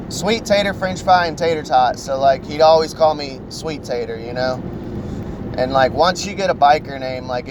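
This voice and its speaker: A man spins loose personal stories on his podcast, swearing freely and padding every thought with fillers. His voice sits a touch high for a man. Steady noise hums behind the recording. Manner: rambling, profane, full of fillers. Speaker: podcast host. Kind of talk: casual storytelling.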